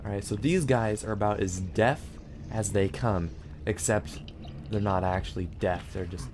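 With game music and other background noise behind him, a gaming channel host talks at a normal speed in a lowish voice. His let's-play commentary is casual, full of jokes and remarks aimed at the character he's controlling.

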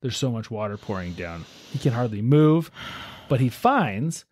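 A man hosting a podcast, telling a story in a relaxed, chatty way with lots of fillers. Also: mid-range voice, normal speed, breathy edge, dry recording. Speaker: podcast host. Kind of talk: casual storytelling chat.

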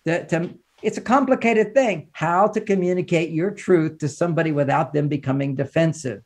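A relationship counselor and author with a fairly high voice gives animated advice as a podcast interview guest, at a moderate pace. He lectures with emphasis, pushing his pitch and volume up to drive points home, and often repeats phrases in lists.

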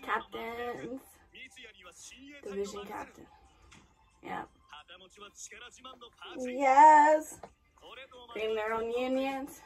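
Emotional high-voiced woman reacting to anime. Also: very slow, long pauses, a little mellow, distant mic. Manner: emotional, exclaiming and sighing, trailing off mid-sentence. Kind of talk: reacting aloud to an anime episode.

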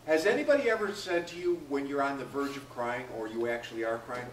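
A man's voice: mid-range voice, fast talker, hardly any pauses, slight background noise. A man teaching a class, asking students questions by name and acting out quoted lines. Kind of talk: classroom lecture. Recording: echoey classroom from far off.

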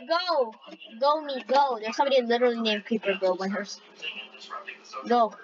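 A female gamer giving excitable live commentary on a race, with shrieking exclamations and jokey trash talk. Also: a little high, normal speed, muffled recording, crowd noise.

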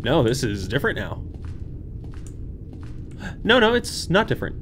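A young man hosting a horror game playthrough, talking to viewers, jumpy and swinging from hushed muttering to yelps. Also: mid-range voice, huge pitch swings, unhurried, a little hiss or hum. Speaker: gaming channel host. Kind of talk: horror game let's play commentary. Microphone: desk microphone.

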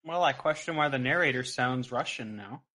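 A man player in a tabletop role-play game, chatting in a quick, joking way. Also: medium pitch, sharp tone.

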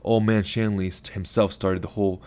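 A man voicing a weary gray-haired older man who speaks in a measured, patient, quietly firm way. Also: on the low side, flat delivery, lightly acted.

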